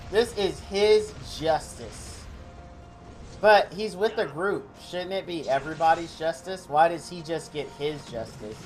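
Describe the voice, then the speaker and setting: Give your excitable streamer commentary to chat, with faint game music behind. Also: male voice, on the high side. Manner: excitable, rambling, thanks chatters by name. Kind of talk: live game stream, chatting with viewers.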